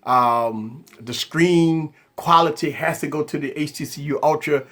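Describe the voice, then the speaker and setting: A man's voice: on the high side, measured pace, fairly bright tone. A man hosting a live tech stream, talking in a rambling, repetitive, conversational way and answering viewers. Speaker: tech channel host.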